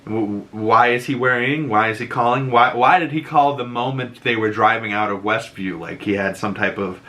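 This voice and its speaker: A young man with a Boston accent casually recapping a TV episode, animated and laughing often, acting out quotes in higher voices. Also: normal speed. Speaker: show reviewer.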